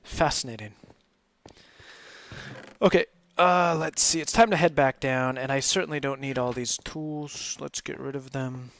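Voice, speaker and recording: In a dry recording, a live game stream host with a mid-range, fairly bright voice speaks at a measured pace in a steady tone. He keeps the gameplay commentary casual and meandering, often laughing.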